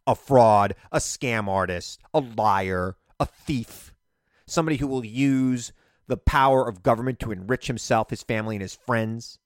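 A middle-aged man giving an animated, emphatic political monologue as a radio and TV commentator. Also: medium pitch, moderate pace, dry recording, clean studio sound.

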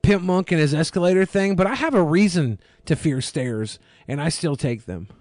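A man with a slightly high voice co-hosts a casual podcast chat, full of deadpan ironic jokes. The sound is dry and close. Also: normal speed, no echo. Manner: deadpan jokey, ironic asides.

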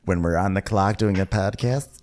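A man's voice: deep voice, moderate pace, darkish tone. A man co-hosting a casual comedy podcast, teasing and dry as he recaps a show. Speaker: podcast co-host.

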